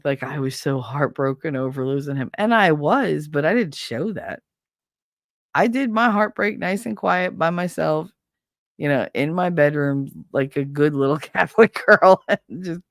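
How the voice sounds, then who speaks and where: A woman's voice: sits low, dry recording, studio quality. A woman hosting a casual talk show, telling personal stories bluntly with lots of swearing and acting out what other people said. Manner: blunt and profane, acts out quoted people. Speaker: podcast host. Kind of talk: casual storytelling chat.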